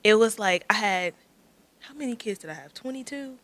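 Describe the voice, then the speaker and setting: A woman who works as a teacher, chatting casually and relaxed, often trailing off into quiet asides. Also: mid-range voice, normal speed. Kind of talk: casual chat.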